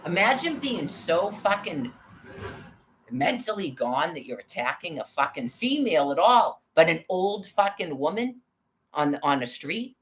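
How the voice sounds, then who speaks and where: A woman's voice: fairly low pitch, sing-song, a little slow. An older woman vlogging an angry, profanity-heavy rant, agitated and quoting what others said to her.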